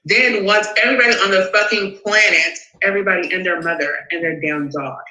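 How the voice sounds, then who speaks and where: A man with a bright, tense, fairly high voice, ranting in an animated, sarcastic, profane way. He hosts a call-in talk show. The sound is echoey, like a bare room. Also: brisk. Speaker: host. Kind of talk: profane political rant and call-in chat.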